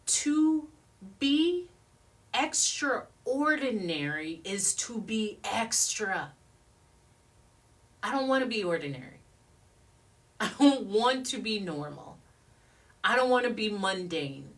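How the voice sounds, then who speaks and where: A woman's voice: mid-range voice, big pitch swings, slow pace, long pauses, far from the mic. A woman giving a motivational talk in a studio, speaking emphatically and repeating affirmations in rhythmic chants.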